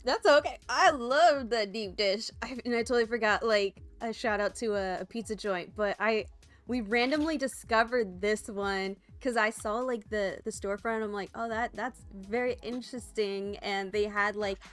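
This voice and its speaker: A woman's voice: medium pitch, normal speed. A woman host in a casual chat, reacting in a bubbly way and passing questions to a guest.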